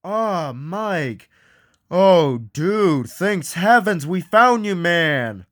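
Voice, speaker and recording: High-pitched man for a homemade ghost hunt, slow-paced, excitable, bursts into yells. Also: no room sound, clean studio sound. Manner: excitable, often yelling out names. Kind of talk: acted ghost hunt narration.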